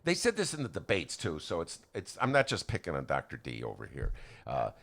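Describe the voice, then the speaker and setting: A man's voice: a bass voice, wildly swooping pitch, fairly quick, gravelly, fairly bright tone. A man giving an indignant, stumbling political rant on a talk podcast, recorded at a studio microphone. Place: radio-style studio.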